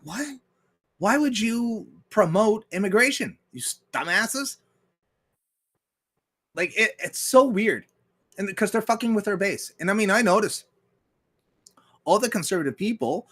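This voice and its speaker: A man's voice: high-pitched, a bit bright. A man hosting a livestream, ranting bluntly and profanely, and reading viewer messages aloud. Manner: reads viewer chat aloud. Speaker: livestream host. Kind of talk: casual ranting commentary.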